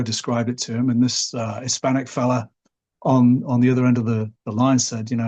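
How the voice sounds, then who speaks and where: Husky Liverpool man telling a story. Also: mid-range voice, flat delivery, moderate pace, a little mellow. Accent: Liverpool English. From Liverpool, England. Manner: rambling, hedges often with "sort of" and "you know". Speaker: podcast guest. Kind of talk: relaxed storytelling.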